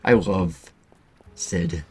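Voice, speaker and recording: A man's voice: sits low, very slow, breathy edge, faint music behind. A man giving rambling, casual gameplay commentary, cursing freely as he plays. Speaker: streamer.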